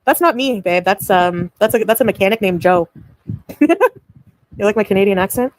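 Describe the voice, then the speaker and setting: A woman's voice: medium pitch, moderate pace, no room sound, rough recording. A woman chatting on her livestream, giggling and answering viewers by name. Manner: giggly, rambling, answers chat names. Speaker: livestreamer reading chat. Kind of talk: casual livestream chat.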